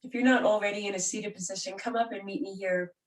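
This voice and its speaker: A woman teaching a gentle yoga and breathing class, guiding calmly and softly. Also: medium pitch, fast talker. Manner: calm, gentle, soothing guidance. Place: room where she does yoga on a mat. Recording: roomy sound from a distant mic.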